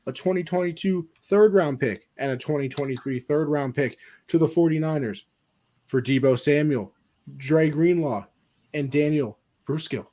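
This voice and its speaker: A man with a slightly raised pitch runs a casual mock draft show as its commissioner. He teases his co-hosts and then reads trades in a mock announcer voice. His delivery is loose and playful. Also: moderate pace, mellow. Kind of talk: casual online show hosting.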